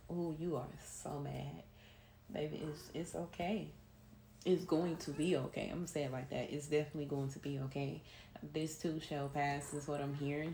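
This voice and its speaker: A woman's voice: sits low, darkish tone. A woman giving a chatty, soothing tarot reading to her viewers. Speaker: tarot reader. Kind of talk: casual spiritual reading. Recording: echoey room with noise.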